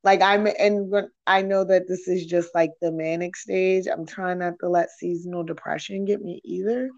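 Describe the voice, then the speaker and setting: A woman's voice: lowish voice, fairly even intonation, moderate pace, a little mellow, highs cut off. A young woman hosting a candid podcast chat, talking frankly and with lots of swearing, rambling through her thoughts with many fillers. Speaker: podcast host.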